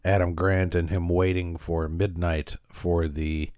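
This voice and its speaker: Deep-voiced man recapping an episode. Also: level tone, a little slow, darkish tone, dry recording, clean studio sound. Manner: conversational, with frequent fillers and restarts. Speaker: podcast host.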